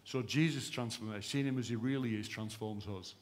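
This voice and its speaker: A pastor preaches a sermon at a church service in a lowish voice at a brisk pace. He's impassioned and emphatic, swinging between raised, fervent lines and hushed ones.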